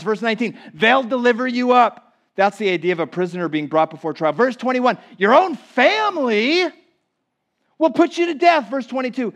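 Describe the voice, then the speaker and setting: A man with a high-pitched voice preaches a sermon in a church sanctuary. He swings between loud, emphatic declarations and quiet, hushed asides as he works through the text for his congregation. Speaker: pastor.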